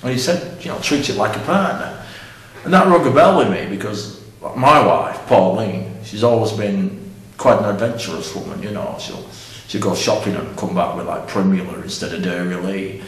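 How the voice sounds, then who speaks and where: A middle-aged man rambling bluntly and tactlessly in a deadpan comic monologue. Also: fairly low pitch, normal speed, recorded from a distance. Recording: echoey room from off-mic.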